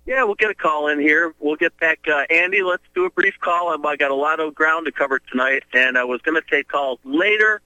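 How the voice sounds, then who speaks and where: A man's voice: on the high side, a little fast, hardly any pauses, bright, forceful tone, dry recording, rough recording. A man hosting a call-in radio talk show, urging his listeners in a preachy, activist way.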